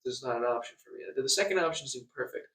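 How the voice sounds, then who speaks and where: Fast-talking young man ranting, roomy echo. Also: mid-range voice, lively intonation, a bit bright, slight background noise. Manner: agitated, swearing, stammering repeats. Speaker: vlogger. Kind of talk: angry storytime rant. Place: hotel room. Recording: echoey room, distant mic.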